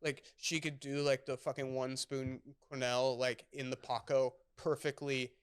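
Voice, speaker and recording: A man's voice: medium pitch, little pitch movement, normal speed, clear, resonant tone. A man in his thirties, a chef and podcast guest, telling a story in a loose, rambling way, full of fillers and swearing. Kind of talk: casual storytelling chat.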